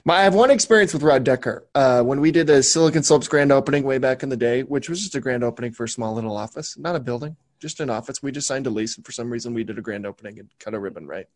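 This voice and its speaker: A man's voice: medium pitch, fast talker, few pauses. A man co-hosting a casual talk show, telling a rambling, self-mocking story. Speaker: podcast co-host. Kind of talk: casual chat.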